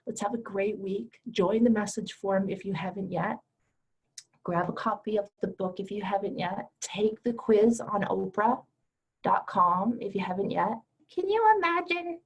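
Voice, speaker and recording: A breathy woman guides her students through a meditation in a gentle, soothing way. Her voice sits at an ordinary middle pitch, and she speaks with warm affection as the course leader of an online class. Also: low-quality recording.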